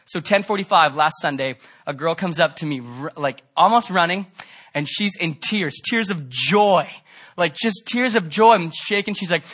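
Male pastor preaching with a bright, slightly high voice; fervent, swinging between emphatic peaks and quiet pleading. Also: animated, moderate pace, husky. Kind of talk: sermon.

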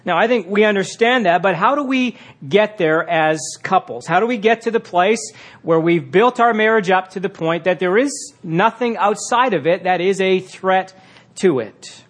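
A man's voice: high voice, moderate pace, a bit bright. A man teaching a session on marriage, talking conversationally with fillers and reading passages aloud. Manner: conversational, with frequent fillers and restarts.

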